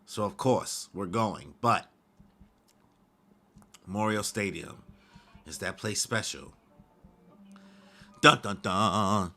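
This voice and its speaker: A man's voice: on the low side, takes it slowly, long pauses, bright, forceful tone, slight background noise. A man reading a manga aloud live and reacting with slangy asides, as the regular host of his channel.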